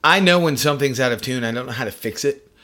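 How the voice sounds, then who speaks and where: A man's voice: medium pitch, quick pace, sharp tone. A man hosting a podcast in casual chat, joking and swearing, laughing often. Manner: profane, jokey, laughs often. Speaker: podcast host.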